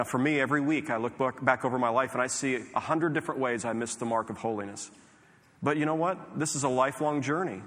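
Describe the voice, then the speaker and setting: Earnest pastor preaching a sermon. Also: male voice, mid-range voice, a bit bright. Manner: earnest, conversational, with restarts. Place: large church sanctuary. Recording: long hall reverb.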